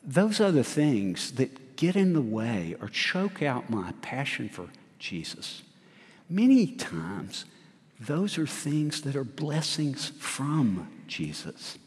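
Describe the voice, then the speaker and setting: A man's voice: mid-range voice, sing-song, takes it slowly. A middle-aged man preaching a sermon, asking his congregation questions and laughing at himself as he tells a story. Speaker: pastor. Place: church sanctuary. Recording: long church hall reverb.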